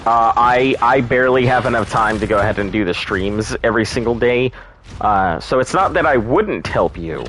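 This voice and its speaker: A man's voice: mid-range voice, expressive, normal speed, fairly bright tone, slight background noise. Joking, chatty male game streamer. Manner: chatty and joking, answers chat, swears freely. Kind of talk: casual live-stream chat while gaming.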